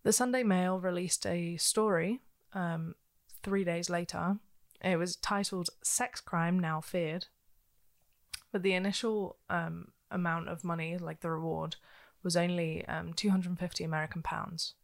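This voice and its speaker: A woman's voice: lowish voice, fairly even intonation, unhurried. A woman co-hosting a podcast, telling a true-crime case in a casual, chatty way with frequent ums and likes. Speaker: podcast co-host.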